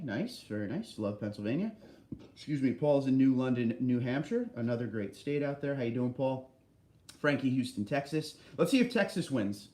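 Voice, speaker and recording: A man from New Jersey hosting a casual livestream, greeting viewers by name and answering chat in a friendly, relaxed way. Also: mid-range voice. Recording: roomy echo.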